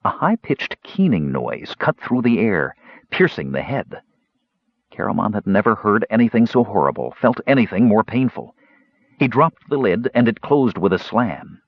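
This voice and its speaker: A man narrating a fantasy audiobook in a dramatic, animated storytelling manner, in a dull lo-fi recording. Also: fairly low pitch, breathy edge, no room sound.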